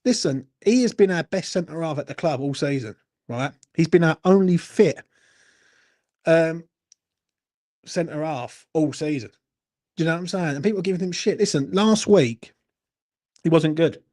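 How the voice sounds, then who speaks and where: A man's voice: fairly high pitch, normal speed, pauses often, darkish tone. A young man hosting a late-night football Q&A, blunt and sweary, a little tipsy as he answers chat comments. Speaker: football channel host.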